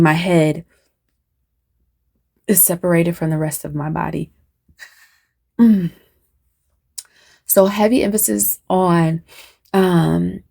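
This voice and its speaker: A woman's voice: fairly low pitch, gravelly, dark tone. A woman channeling a spiritual message to her viewers. She talks unscripted and meanders, with many fillers and restarts, and keeps checking in with "right?". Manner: addresses viewers directly, asks "right?"; pauses to consult spirit.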